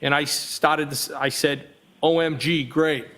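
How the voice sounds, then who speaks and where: Man reading testimony aloud in court. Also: on the high side. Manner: flat, measured reading with small self-corrections. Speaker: witness.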